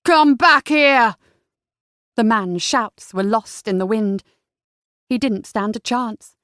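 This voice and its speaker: A woman's voice: mid-range voice, fairly even intonation, dry recording. Woman narrating a romance audiobook, dry. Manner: measured storytelling. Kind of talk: scripted narration.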